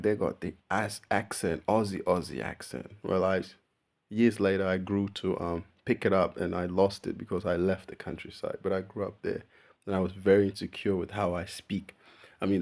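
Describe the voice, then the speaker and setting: A young man chatting casually to camera in a laid-back, slangy way, often calling the listener bro and laughing at himself. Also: sits low. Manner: relaxed slangy talk, calls the listener bro; laughs at himself while telling stories. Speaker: vlogger. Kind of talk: casual personal chat to camera.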